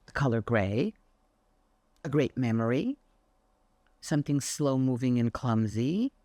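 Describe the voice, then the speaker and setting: A woman's voice: rumbling low, measured pace, no room sound. An older woman, a Pilates instructor, talking casually and animatedly to camera, telling stories with the odd swear word. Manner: chatty, animated storyteller with mild swearing. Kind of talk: casual motivational talk to camera.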